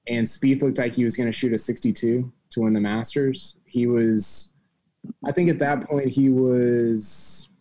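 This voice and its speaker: A man co-hosting a casual golf chat, talking in an excitable, rambling way. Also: mid-range voice. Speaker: co-host.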